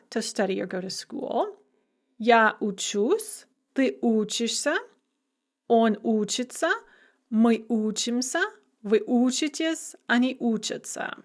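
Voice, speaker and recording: A woman teaches in a recorded lecture with a slightly raised pitch. She talks emphatically and keeps it lively with playful asides. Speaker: language instructor.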